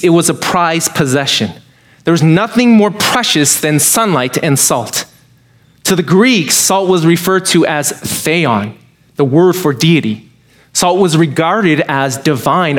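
A man preaching a sermon as pastor, emphatic, with touches of dry humor. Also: fairly high pitch.

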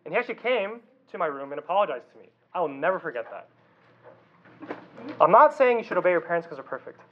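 A man's voice: fairly high pitch, very animated, fast talker, lo-fi sound. A man preaching a casual, conversational youth sermon, often asking the audience questions. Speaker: youth pastor.

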